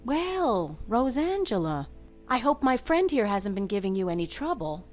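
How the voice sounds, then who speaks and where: A woman voicing a friendly, nosy female neighbor in a video game, chatty and gently prying. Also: fairly high pitch, very animated, moderate pace, over music. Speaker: game character voice.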